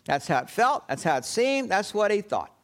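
A man preaching a sermon, retelling a story with dramatic pauses and acting out the quoted lines. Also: sits high, very animated, fairly bright tone.

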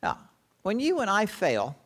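Male pastor, sermon, high voice, very lively pitch, dramatic storytelling, sinks to hushed tones. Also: a little slow.

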